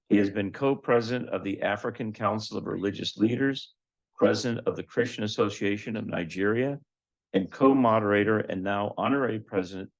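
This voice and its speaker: Man, event host, low voice, gravelly, formal introduction, measured with dry asides. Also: poor audio. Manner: measured, with asides and light humor.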